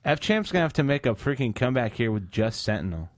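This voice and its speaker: A man hosting a casual gaming podcast, talking in animated, excitable banter. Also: mid-range voice, fast talker, no room sound, clean studio sound. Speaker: podcast host.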